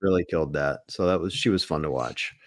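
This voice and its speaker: A man co-hosting a podcast, telling relaxed, rambling stories in casual chat, full of fillers. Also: a bass voice, a little fast, no room sound, studio quality. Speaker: podcast co-host.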